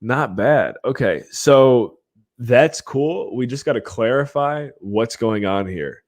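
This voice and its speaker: A man hosting a live stream, talking casually and eagerly as he runs giveaways. His voice sits at an ordinary middle pitch. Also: takes it slowly. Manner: excitable, hypes the giveaways with countdowns. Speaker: podcast host running live giveaways.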